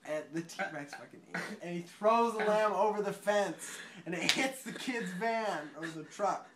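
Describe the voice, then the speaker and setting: A man's voice: high-pitched, unhurried, a loud crowd. A drunk young man retelling a film in a rambling, swearing way, often laughing and tripping over his words.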